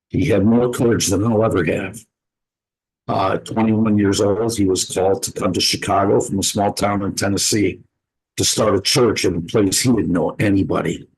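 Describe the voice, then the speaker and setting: Gravelly, husky man sharing earnestly. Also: lowish voice, darkish tone, low-quality recording. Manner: earnest, reflective, pausing to gather his words. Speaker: participant sharing a personal story. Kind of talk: heartfelt personal sharing in a group conversation.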